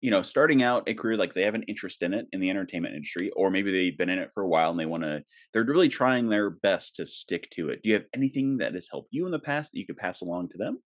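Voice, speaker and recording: Very low-voiced woman podcast host. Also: fast, few pauses. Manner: relaxed, giggly questioner. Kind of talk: casual podcast interview.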